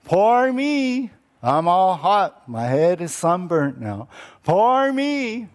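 A pouting, self-pitying prophet, whining about his own discomfort, as a preacher puts him on. The voice climbs high above a normal speaking voice, loud and complaining. He sounds like a grown man throwing a tantrum. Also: big pitch swings, slow pace, heavily acted. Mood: whiny.

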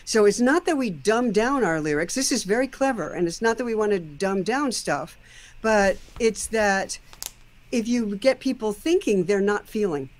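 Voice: mid-range voice, animated, moderate pace. A host giving a casual, thoughtful critique of a song's lyrics, explaining at length and now and then singing a line or two.

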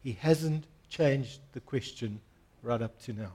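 A man's voice: medium pitch, unhurried, warm tone, slightly rough. A pastor preaching a sermon to his congregation, earnest and emphatic, repeating key phrases and inviting listeners to respond.

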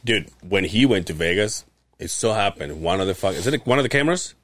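A man co-hosting a podcast, telling a story in a casual chat, laughing and swearing and jumping up in pitch to act out the people he quotes. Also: expressive, a little fast, fairly bright tone, no room sound. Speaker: podcast co-host.

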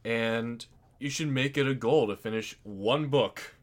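A young adult man co-hosts a casual podcast, chatty and inclined to explain things at length. His voice is medium in pitch and a little slow.

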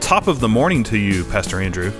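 A man's voice: on the low side, very animated, a little fast, long reverb tail, over music. A man hosting a church podcast about preaching, chatting casually and laughing easily, with plenty of filler words. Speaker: podcast host, pastor.

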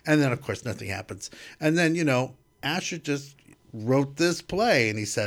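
A man who is a guest artist, telling a casual, animated story and acting out the things people said to him. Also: mid-range voice, normal speed. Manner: animated storyteller who acts out quoted exchanges.

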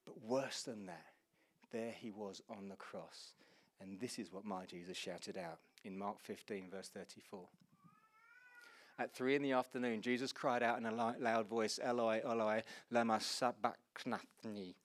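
A man preaching a sermon with passion, swinging from loud exclamations to hushed, slow passages and speaking earnestly to his congregation. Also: lowish voice, steady tone.

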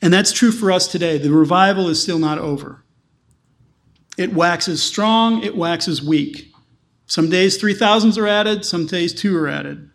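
A man's voice: sits high, measured pace, a bit bright. A man, a pastor, preaching a sermon with emphatic, repeated phrases.

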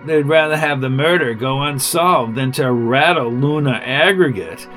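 A man reading aloud as a gruff, irritable male inspector who blusters and complains. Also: medium pitch, moderate pace, fairly bright tone, faint music behind, lightly acted. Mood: grumbling. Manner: blustering, exasperated.

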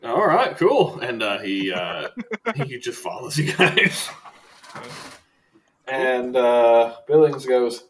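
A male game master narrating a tabletop game in a loose, chatty way, laughing often. His voice sits at a mid pitch. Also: expressive, slow, long pauses, background noise.

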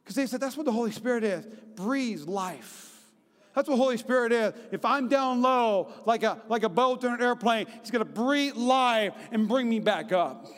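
A high-pitched male pastor in his thirties preaches a sermon with lively, chatty energy at a moderate pace, often asking the congregation "right?" to seek agreement. His voice rings out with long reverb from a large church hall.

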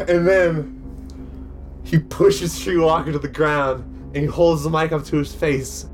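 A man's voice: a little high, steady tone, unhurried. A man narrating a tabletop game as game master, playful and laughing as he describes the scene.

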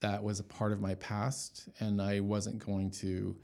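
A man's voice: on the low side, completely flat delivery, a little slow, creaky, mellow. A man giving an emotional personal testimony as an interview guest, talking in a storytelling way with many fillers and restarts.

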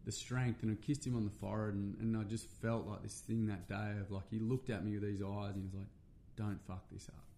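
A man's voice: lowish voice, flat delivery, fast, vocal fry, hardly any pauses, dark tone, slight background noise. A middle-aged Australian man, a men's workshop facilitator, telling a personal story in casual, earnest talk with plenty of fillers and swearing.

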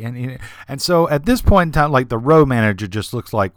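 A man hosts a podcast and tells a backstage anecdote with animated energy, slipping into voices for the people in the story. His speaking voice sits in a middle pitch. The recording is dry and close, with no room sound. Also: normal speed, hardly any pauses, no room sound. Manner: animated, with vivid character voices. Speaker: podcast host.

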